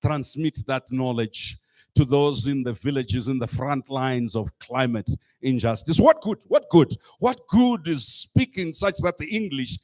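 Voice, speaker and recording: A man giving a rousing public speech to a youth assembly, emphatic and full of rhetorical repetition, at times rising to a shout. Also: mid-range voice, expressive, unhurried. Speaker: speaker addressing a youth climate assembly. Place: live event stage.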